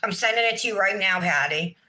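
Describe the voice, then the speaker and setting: Bright-voiced exasperated woman streamer. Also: medium pitch, a little fast, poor audio. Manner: exasperated, talks to herself and the chat. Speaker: nail art livestream host. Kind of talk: casual livestream chat to viewers.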